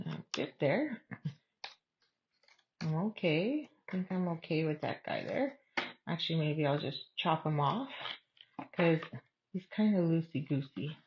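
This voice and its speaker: A woman leads an online craft class in a relaxed, chatty way, thinking aloud as she works through each step. Her voice sits a little low. The sound is dull and lo-fi. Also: measured pace, pauses often, slight background noise. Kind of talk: casual step-by-step craft demo.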